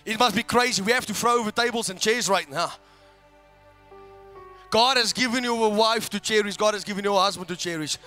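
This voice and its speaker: Male preacher, very high forceful voice, impassioned sermon, faint music underneath. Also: fairly quick. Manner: impassioned, swings from hushed to shouting. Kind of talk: fiery sermon.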